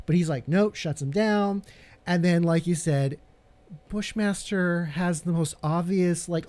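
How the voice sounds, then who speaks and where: A man's voice: high voice, a little slow, darkish tone, no room sound. A man co-hosting a podcast in casual chat, analytical, quoting characters as he talks. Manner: analytical, quotes characters in his own voice. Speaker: podcast co-host.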